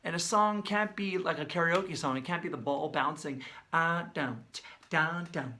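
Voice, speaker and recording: Man, songwriter commentary, bright and animated, slightly high voice, chatty with fillers. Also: normal speed, a little hiss or hum. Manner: animated, talks with his hands, sings and beatboxes snippets; conversational, many fillers. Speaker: songwriter breaking down a song. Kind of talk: casual video commentary.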